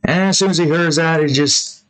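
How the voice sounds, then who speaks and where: A man's voice: a little high, normal speed, a bit bright. A man casually chatting while he draws, rambling through a story with many fillers. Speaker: artist vlogger. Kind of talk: casual drawing commentary.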